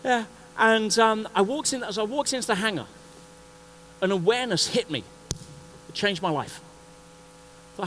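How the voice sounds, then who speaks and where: A man giving a motivational talk at a conference, telling a story in an animated way and acting out the scenes. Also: high voice, normal speed, slight background noise, rough recording. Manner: animated, acts out scenes and voices. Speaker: conference speaker. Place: conference stage before an audience.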